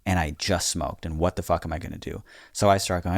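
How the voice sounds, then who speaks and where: A man with a fairly low voice recorded close and dry tells a personal story on a podcast. He talks casually and frankly, swears freely and relaxes into the retelling. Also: steady tone, fast talker, creaky, no room sound. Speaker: podcast co-host.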